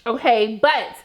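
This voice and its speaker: A woman chatting casually as she recaps a TV episode, talking in an animated, slangy way and acting out the scenes. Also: on the high side. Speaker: TV show reviewer.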